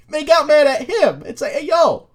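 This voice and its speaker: A man co-hosting a podcast, chatting casually and telling loose, profane stories into a podcast mic. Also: very high-pitched. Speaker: podcast co-host. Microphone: podcast microphone.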